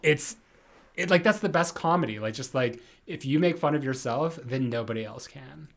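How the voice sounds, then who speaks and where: A man's voice: mid-range voice, animated, moderate pace, gravelly, fairly bright tone. A man co-hosting a casual podcast, rambling with many fillers and restarts. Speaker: podcast co-host.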